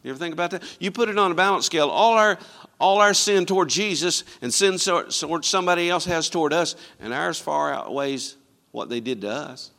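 A man's voice: fairly high pitch, fairly quick, vocal fry, pushed and bright. A man preaching a sermon emphatically, calling out to his congregation for responses. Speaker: pastor.

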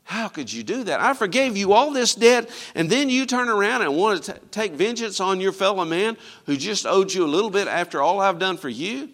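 A man's voice: high voice, lively intonation, brisk, few pauses, a bit bright. A man preaching who voices an exasperated master scolding an unforgiving servant. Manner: indignant, scolding.

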